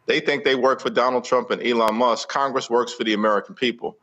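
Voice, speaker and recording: A man speaking as a guest politician in an interview, forceful and rhetorical with a speechmaking cadence. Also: mid-range voice, steady tone, quick pace, lo-fi sound.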